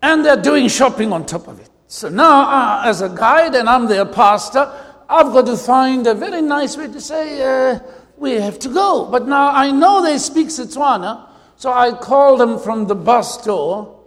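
High-voiced South African pastor in echoing hall. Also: male voice, expressive, fairly bright tone. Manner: humorous storytelling with drawn-out emphasis. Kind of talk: preaching a sermon. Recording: long hall reverb.

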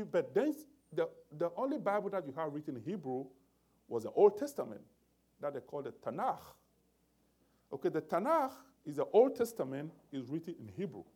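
Animated male preacher, lively pitch. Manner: animated, emphatic preaching with restarts. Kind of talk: sermon.

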